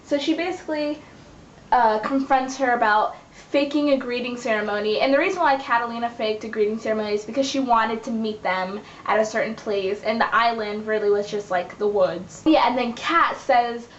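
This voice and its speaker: A woman's voice: a little high, a little fast. A young woman recapping her web series in a casual, chatty vlog, acting out the characters' lines as she goes. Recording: echoey room, dull lo-fi sound, faint hiss.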